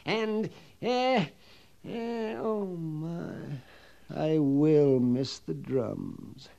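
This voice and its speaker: A man's voice: a little high, big pitch swings, slow pace, darkish tone, dull audio, heavily acted. An actor playing a fussy, nervous storekeeper at an army fort, fretful and theatrical, dropping his voice to whispers. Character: fussy nervous middle-aged male army-post storekeeper. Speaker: sutler running a fort canteen. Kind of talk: vintage TV western drama.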